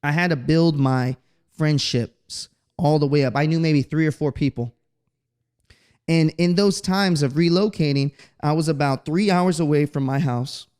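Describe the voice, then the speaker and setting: A man from Texas hosts a podcast, his smooth voice on the high side and measured in pace. In a casual monologue he tells stories animatedly, peppered with slang and profanity.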